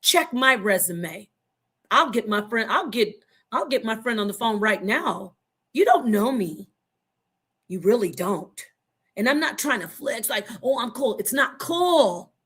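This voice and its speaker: A woman's voice: on the high side, very animated, a little slow, fairly bright tone, breathy edge. A woman in her fifties from Phoenix, Arizona, speaking as a panelist in an online forum. She argues heatedly and confrontationally, swears freely, and rambles, repeating and restarting her phrases. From Phoenix, Arizona, USA. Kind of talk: heated opinion talk.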